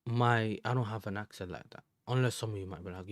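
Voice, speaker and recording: A man's voice: on the low side, steady tone, very fast, hardly any pauses, no echo, clean studio sound. A young man from the Netherlands, chatting casually and rambling in slang as a football live-streamer.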